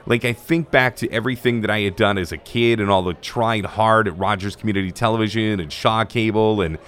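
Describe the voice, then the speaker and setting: A man with a somewhat low voice tells a story from his days as a stadium broadcaster and rink announcer. His delivery is casual and animated, with the easy flow of someone used to talking on a microphone. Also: brisk.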